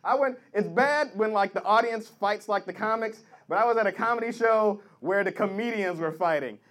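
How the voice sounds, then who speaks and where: High-voiced man doing stand-up. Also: normal speed. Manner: animated storytelling, rambling restarts. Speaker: stand-up comedian. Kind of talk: stand-up comedy. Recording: live audience laughter in a comedy club. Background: audience laughter.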